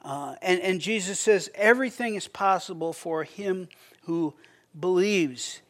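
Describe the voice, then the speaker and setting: A man's voice: high voice, measured pace, a bit bright. A man preaching a sermon in a conversational way, often repeating words as he starts a sentence and acting out quoted prayers. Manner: acts out quoted prayers with a raised voice. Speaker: pastor.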